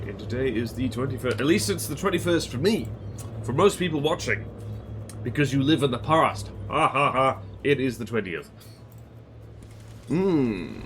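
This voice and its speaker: An Australian man with a mid-range, fairly bright voice chats casually on a live stream while working. Playful and self-mocking, he teases himself and hums as he goes.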